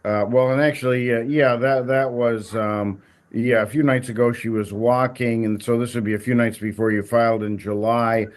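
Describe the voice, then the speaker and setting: A male judge questioning a litigant in a courtroom. He is calm and probing, and his questions are broken by uhs and ums. His voice sits at an ordinary middle pitch. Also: normal speed.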